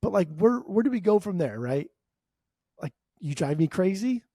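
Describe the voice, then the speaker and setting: Husky, lively-pitched joking podcast guy. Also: moderate pace, dry recording, studio quality. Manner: playful, joking, hums tunes. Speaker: podcast co-host. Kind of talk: casual chat.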